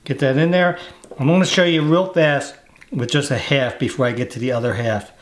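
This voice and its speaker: A man hosting a casual cooking show outdoors, walking through a recipe step by step in a relaxed way. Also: medium pitch, brisk, roomy sound, a little hiss or hum. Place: outdoors, windy.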